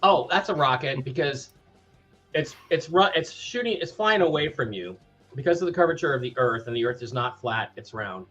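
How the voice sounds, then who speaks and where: A man's voice: medium pitch, lively intonation, normal speed, fairly bright tone, highs cut off, faint music behind. A man co-hosting a casual podcast chat, explaining his theories in a confident, lecturing way. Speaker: podcast co-host.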